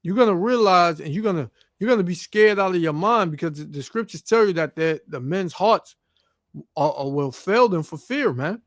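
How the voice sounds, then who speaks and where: A man with a high-pitched voice preaches over news clips. He reads scripture aloud and stammers through his fillers. He ends nearly every phrase with "man". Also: animated, normal speed, no room sound, studio quality. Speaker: street preacher.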